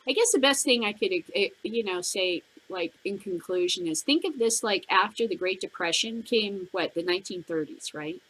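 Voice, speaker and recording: A woman's voice: normal speed, hardly any pauses, husky. Blunt, profane woman ranting. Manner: blunt, profane, swings between shouting and low muttering. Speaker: podcast host. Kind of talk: ranting commentary.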